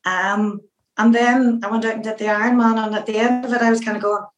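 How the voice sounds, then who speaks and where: A middle-aged woman from Northern Ireland with a Northern Irish accent, telling stories as an interview guest in a lively way, with many fillers. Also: fairly high pitch, fairly quick, echoey room, low-quality recording. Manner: lively storyteller who acts out her own past remarks, with many fillers. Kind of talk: anecdotal interview storytelling.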